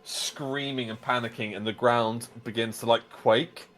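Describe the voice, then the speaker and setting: A man's voice: medium pitch, fairly even intonation, a little slow, fairly bright tone. A man narrating a tabletop game as game master, describing scenes at length with many fillers and "like"s.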